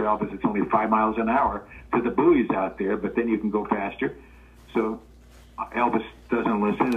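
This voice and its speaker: An older man from Los Angeles, a guest telling old stories and acting out the voices of the people in them. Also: mid-range voice. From Los Angeles, California. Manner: relaxed anecdotal storytelling, acting out quoted voices. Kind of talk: storytelling interview. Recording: tinny phone-line sound.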